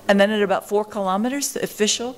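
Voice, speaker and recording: A fast-talking older woman with a medium-pitched voice tells her story in an interview as a marathon pioneer. She's animated, acting out the voices of the people she quotes.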